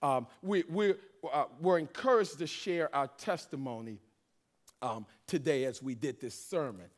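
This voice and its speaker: High-voiced pastor telling a funny testimony. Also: male voice, measured pace. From Washington, D.C. area. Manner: animated storytelling, jokes with congregation. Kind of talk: sermon testimony with humor.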